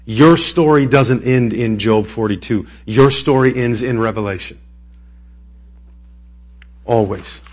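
A husky-voiced man preaches from the pulpit in a loose, conversational way. His voice sits in a middle register, and it turns emotional and climbs into impassioned peaks. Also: medium pitch, slow pace, long pauses. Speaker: pastor. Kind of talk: sermon.

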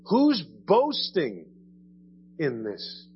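A man's voice: fairly high pitch, huge pitch swings, drawn-out words, dull audio, a little hiss or hum. A man preaching a sermon in a church in a conversational way, often asking "right?" and repeating his words. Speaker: pastor. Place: church sanctuary.

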